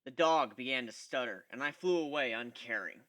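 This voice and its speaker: A man giving an expressive first-person dramatic reading of a fan fiction story. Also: mid-range voice, brisk. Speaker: reader.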